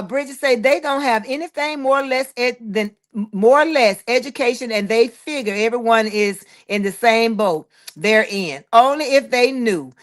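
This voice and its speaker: A woman hosting a casual live stream, reading out viewer comments one after another. Her voice sits a little high, and she calls her listeners honey, child and boo as she talks. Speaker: livestream host.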